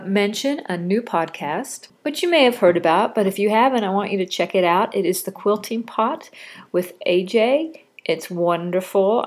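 A woman's voice: medium pitch, a little mellow. A woman recording a casual audio diary at home while stuffed up with a cold, chatting in a rambling way with frequent restarts. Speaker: quilting podcaster. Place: home, sitting on a couch.

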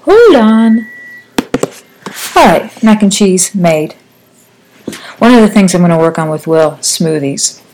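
A woman's voice: fairly low pitch, animated, slow pace, pauses often, darkish tone, a little hiss or hum, low-quality recording. A woman in her forties chatting casually to the camera, rambling and self-deprecating, with a slight lisp from new braces. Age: 40s. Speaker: vlogger. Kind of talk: casual chat.

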